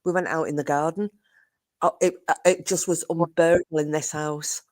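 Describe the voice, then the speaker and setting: A woman's voice: sits low, steady tone, moderate pace, darkish tone, no room sound, clean studio sound. A woman chatting as a guest on a livestream, laughing and telling stories. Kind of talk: casual chat.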